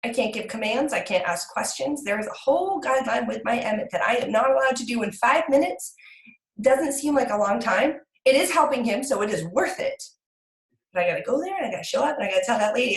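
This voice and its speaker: Frank, emotional mom in an echoey room. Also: female voice, lively intonation, fast talker, gravelly. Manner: frank, emotional, swears casually, rises to high pitch when agitated. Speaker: team leader sharing with her group. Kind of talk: candid talk to a team call.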